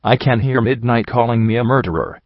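A man's voice: mid-range voice, a little fast, no room sound, muffled recording, natural voice. Man reading as a guilt-ridden unicorn mare. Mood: remorseful. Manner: soft, subdued, confessional. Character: guilt-ridden female unicorn pony, weary and remorseful.

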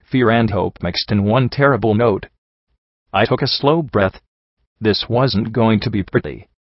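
A man reading a story aloud in steady, measured first-person narration. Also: on the low side, no room sound, highs cut off. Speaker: audiobook reader.

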